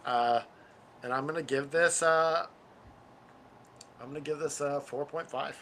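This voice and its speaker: A man co-hosting a podcast in casual chat, rambling and halting with many fillers. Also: fairly high pitch, a bit bright, a little hiss or hum. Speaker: podcast co-host.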